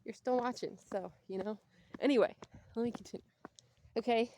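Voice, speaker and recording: A woman's voice: on the high side, moderate pace, a little hiss or hum. Chatty, winded young woman vlogging outdoors. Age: young adult. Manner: chatty, rambling, animated. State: out of breath. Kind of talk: casual chat while walking. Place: outdoors on a walk.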